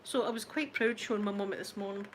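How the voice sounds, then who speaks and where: A Scottish woman in her forties, who hosts an ASMR channel, chats casually with viewers in a mid-range voice at a quick pace. She tells stories with plenty of laughter and self-mockery. A little hiss or hum can be heard.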